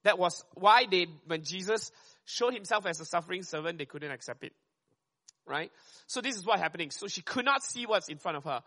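Bright, quick-talking man preaching. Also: sits high, expressive. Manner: quick and conversational, often checks in with "right?". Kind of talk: sermon.

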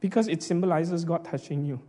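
A man preaching an emotional sermon as a pastor, earnest and halting, often restarting his sentences. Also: on the high side, dark tone, in a large hall, a little hiss or hum. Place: hall.

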